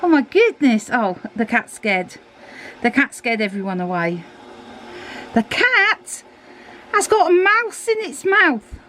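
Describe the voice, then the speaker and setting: A woman with a high, lively voice that leaps up and down as she talks. She chats excitably to a handheld camera in a casual video diary, exclaiming as she goes. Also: slow pace, pauses often, slight background noise. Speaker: vlogger. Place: narrowboat and car.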